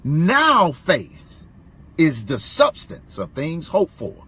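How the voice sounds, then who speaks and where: Brief: husky-voiced man, co-host, lively storyteller with swinging intonation and affirmations. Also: a little high, takes it slowly. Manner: animated storyteller, affirming interjections. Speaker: co-host of inspirational show. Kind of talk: inspirational storytelling.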